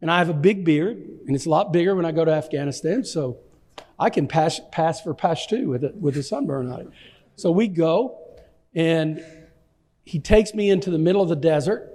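A man from Texas, a pastor telling an animated, self-deprecating story with stammering restarts. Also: a little high, normal speed, in a large hall. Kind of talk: anecdotal storytelling in an interview.

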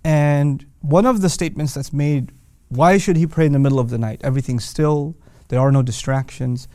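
A man's voice: fairly high pitch, moderate pace, dark tone, dry recording, studio quality. A man hosting a casual lesson on the Quran, explaining grammar patiently with everyday examples and rising emphasis. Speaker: Quran teacher.

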